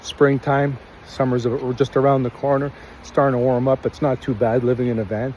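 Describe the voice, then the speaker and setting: A man's voice: medium pitch, little pitch movement, moderate pace, darkish tone, slight background noise, low-quality recording. A man from Canada telling a long personal story in a casual, rambling, earnest way, acting out quoted lines as he goes.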